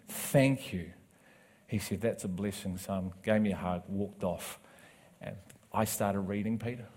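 A male preacher tells a personal testimony in a sermon. He swings from quiet, close narration to loud, emphatic declarations, acting out the voices of the people in his story. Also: lowish voice. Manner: animated storytelling with acted quotes, rising to loud emphatic preaching.

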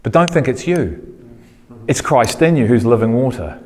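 A man preaching a sermon to a congregation, asking questions and repeating phrases, getting louder and higher when he gets going. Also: normal speed, long reverb tail. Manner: animated preaching, rising in pitch when fired up.

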